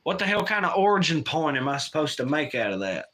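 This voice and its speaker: A man's voice: fairly high pitch, big pitch swings, quick pace, noisy background. A man hosting a casual livestream, rambling and swearing while he reads chat aloud. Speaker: livestream host.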